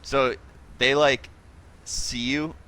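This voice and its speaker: A man's voice: medium pitch, steady tone, extremely slow, sharp tone. A man running a tabletop game as game master, talking casually and loosely with lots of fillers.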